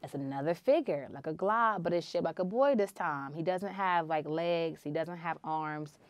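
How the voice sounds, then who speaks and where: A woman hosting a podcast, telling a personal story in an earnest, intense way with sudden loud swells. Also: low-pitched, normal speed, dry recording. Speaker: podcast host.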